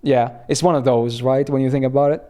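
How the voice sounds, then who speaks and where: Young male streamer from Finland, relaxed rambling chat, medium voice. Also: mid-range voice, brisk. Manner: relaxed, rambling, laughs often, answers chat. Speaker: game streamer.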